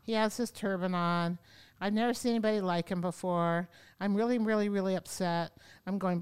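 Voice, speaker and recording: Woman interview guest, clear resonant voice, lively storyteller who acts out what she once said, studio podcast. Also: on the low side, normal speed. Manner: lively, acts out her own past words. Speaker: yoga teacher, podcast guest. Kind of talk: conversational storytelling.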